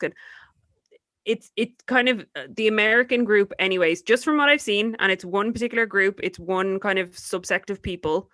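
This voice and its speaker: A young Irish woman chats on her podcast, blunt, emphatic and quick to swear. Her voice is bright and forward, and the recording sounds dry and close, with no room around it. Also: mid-range voice, no echo. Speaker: podcast co-host. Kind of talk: casual chat.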